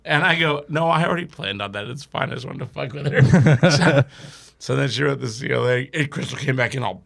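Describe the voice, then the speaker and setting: Gravelly, bright-voiced rowdy man. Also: a little high, lively intonation, normal speed. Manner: rowdy, swears a lot, laughs often. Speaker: podcast guest. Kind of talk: casual storytelling.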